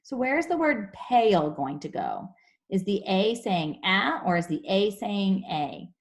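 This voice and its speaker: A young woman teaching a phonics lesson to young children over a video call, explaining slowly and clearly. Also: mid-range voice, big pitch swings, darkish tone. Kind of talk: online class phonics lesson.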